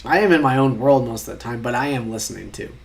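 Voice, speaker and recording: A man's voice: mid-range voice, fast talker, vocal fry. A young man chatting casually while taking online quizzes, reading questions aloud and rambling in mock-outraged asides, sometimes muttering.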